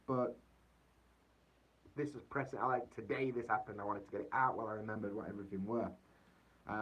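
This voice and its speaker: A young man from Yorkshire with an English accent, chatting casually on a livestream in a rambling, easygoing way. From Yorkshire, England. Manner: rambling and easygoing, full of fillers like "so yeah". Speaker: vlogger living in Japan. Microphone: poor-quality mic. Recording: dull, muffled low-quality mic.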